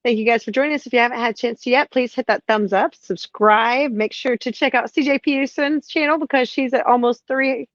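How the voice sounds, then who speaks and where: A woman's voice: a little high, fairly quick, hardly any pauses, no room sound. A woman podcast co-host, bubbly and laughing often, signing off the show. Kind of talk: casual podcast chat. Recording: slightly dull lo-fi sound.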